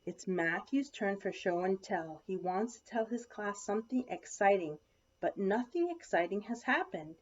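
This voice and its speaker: A woman librarian reading picture books aloud at storytime, expressive and asking the children questions. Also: medium pitch, normal speed. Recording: lo-fi dull sound.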